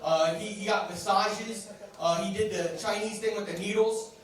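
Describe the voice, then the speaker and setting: High-voiced man doing stand-up, echoey club. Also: moderate pace, heavy background noise. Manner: stammering deadpan delivery with many restarts. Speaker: stand-up comedian. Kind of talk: stand-up routine. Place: comedy club stage. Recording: echoey room mic from far off with crowd laughter. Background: audience laughter.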